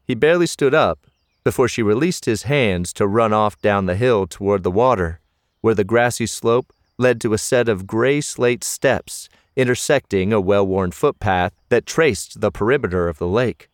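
A man narrating a novel as an audiobook, in a measured storytelling manner. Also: lowish voice, no echo, clean studio sound.

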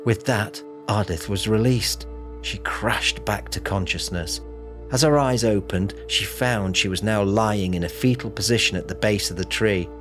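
A man narrating an audiobook in a steady, measured storytelling manner, over music. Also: fairly low pitch. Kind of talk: scripted narration.

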